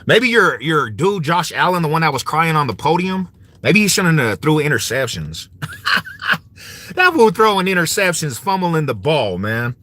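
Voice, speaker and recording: A man's voice: on the high side, sing-song, moderate pace, sharp tone, dry recording. A man ranting in a casual vlog, mocking and swaggering, full of slang and frequent laughs. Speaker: vlogger. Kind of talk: casual trash-talking rant.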